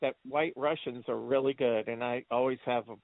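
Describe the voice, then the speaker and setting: A man co-hosting a movie review chat, laughing often as he retells scenes with excitement. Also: mid-range voice, brisk, dry recording. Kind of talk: casual chat. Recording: tinny phone-like dry sound.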